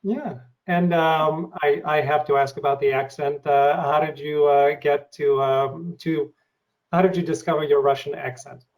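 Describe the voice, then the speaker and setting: Male host with a non-American accent, slightly high, halting, set back from the mic. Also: steady tone, distant mic, highs cut off. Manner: hesitant, halting with many fillers. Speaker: podcast host, aspiring actor. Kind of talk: casual interview chat.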